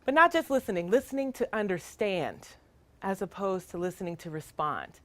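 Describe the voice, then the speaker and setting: A woman's voice: medium pitch, sing-song, normal speed, a bit bright, no room sound. A middle-aged woman, a child welfare worker, giving an earnest, emphatic training talk with rhetorical questions.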